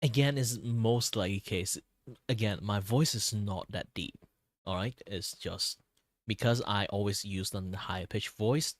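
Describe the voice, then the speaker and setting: A man's voice: unhurried, dry recording. Tired-voiced young man, rambling. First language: Cantonese. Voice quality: low, relaxed tone. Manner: rambling, many fillers and restarts. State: voice tired from talking a lot. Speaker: streamer. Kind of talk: casual chat while drawing.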